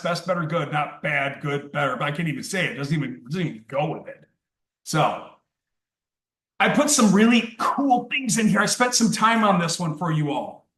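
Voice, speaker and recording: A man's voice: on the high side, fairly bright tone. A man training contractors in sales, talking with energy and acting out customer dialogue. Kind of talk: coaching session for contractors. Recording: roomy, distant from the mic.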